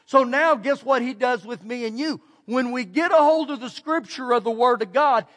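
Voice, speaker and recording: A man with a Texan accent preaching a sermon as pastor, repeating key phrases and swinging between soft and loud delivery. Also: very high voice, normal speed. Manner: preaching with emphatic repetition and shifts between loud and quiet. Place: church sanctuary. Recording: church hall with long reverb.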